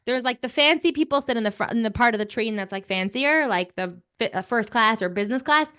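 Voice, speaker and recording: A young woman telling an animated story to children, chatty and excitable, with lots of filler words. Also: fairly high pitch, fairly quick, smooth.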